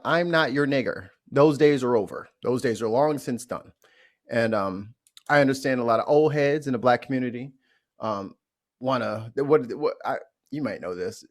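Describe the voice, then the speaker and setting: A man from St. Louis speaks as a podcast guest at a mid-range pitch. He tells his stories bluntly and with profanity, stumbling over restarts as he gathers his thoughts. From St. Louis, USA. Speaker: interview guest. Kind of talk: candid storytelling in a podcast interview.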